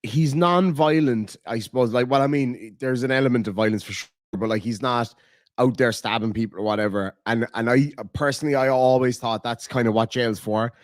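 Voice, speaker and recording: A man's voice: medium pitch, steady tone, brisk, no echo, clean studio sound. A man hosting a casual livestream, rambling loosely, swearing freely and reading out viewer messages. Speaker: livestream host. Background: dogs nearby.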